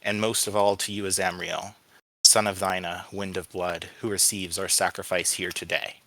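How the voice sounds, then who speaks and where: A man doing a smooth, solemn cult leader. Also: low-pitched, flat delivery, normal speed, fairly bright tone, dry recording, poor audio. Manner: smooth, solemn, ritual speech. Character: cold older male cult leader.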